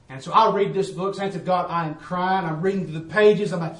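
A man preaching a testimony sermon and calling out to the congregation, switching between loud bursts and hushed asides. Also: high-pitched, fairly even intonation, a little fast, few pauses, echoey room, far from the mic, low-quality recording.

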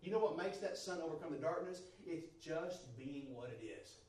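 A man preaching a sermon to a congregation, moving from quiet, steady talk to loud, fervent shouting. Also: on the high side, normal speed, distant mic. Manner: builds from soft to shouting fervor. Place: church service. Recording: roomy church sound from off-mic. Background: congregation responses.

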